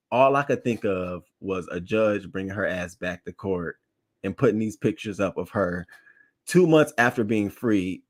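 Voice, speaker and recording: A man's voice: lowish voice, moderate pace. A man hosting a celebrity news show, giving blunt, opinionated commentary and reading his live chat, swearing freely and repeating points for emphasis.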